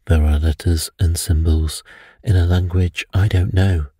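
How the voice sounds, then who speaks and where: A man reading a bedtime story, voicing a brooding priest who speaks low and dreamily of evil. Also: fairly even intonation, a little slow, warm tone, breathy edge, no echo, clean studio sound. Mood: dreamy. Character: mystical, brooding elderly male priest.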